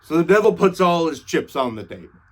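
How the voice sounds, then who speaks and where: Young man, comedic storytelling, slangy, swearing, fairly high voice, animated. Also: brisk. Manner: slangy, irreverent, swears casually. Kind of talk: comedic retelling of scripture.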